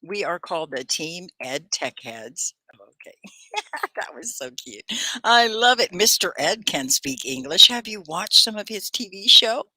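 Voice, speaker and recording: A woman hosting a live online English class, speaking in a slow, carefully articulated way. Her voice sits a little low but swings widely in pitch, with a bright, forward tone. She laughs often, and the room sounds dry and close. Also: dry recording. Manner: lively, articulates words clearly, often laughs. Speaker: English teacher and host.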